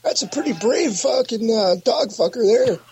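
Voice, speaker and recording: A man doing a rude, squeaky older saint. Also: expressive, a little mellow, slight background noise. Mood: deadpan. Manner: crude, insulting, halting delivery with many "uh"s. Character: rude older saint who calls in to read news.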